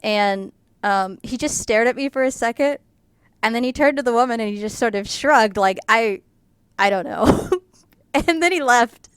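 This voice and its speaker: A woman's voice: a little high, expressive, normal speed, clean tone, no echo, studio quality. An American woman telling a rambling story casually, with lots of fillers. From United States. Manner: chatty, rambling with many fillers, laughs through the telling. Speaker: artist vlogger.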